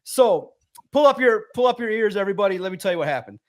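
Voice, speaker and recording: A high-energy man, a sports writer guest, telling a lively story and acting out the voices in it. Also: fast. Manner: high-energy, acts out quotes loudly. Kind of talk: animated storytelling.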